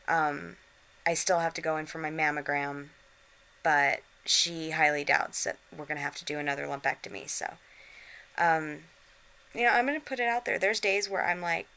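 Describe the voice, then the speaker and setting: A middle-aged woman vlogs casually from her bed, talking to a handheld camera while sounding worn out, unwell and drained. Her voice is deep, with vocal fry and a pushed, bright, clear and resonant tone at a moderate pace. The recording is rough.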